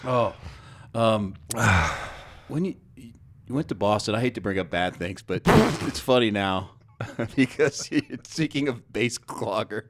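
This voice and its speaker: Male podcast host, lively pitch, laughs constantly, playful teasing, faint background hiss. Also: slow pace. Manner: laughs a lot, playful ribbing. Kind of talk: casual chat.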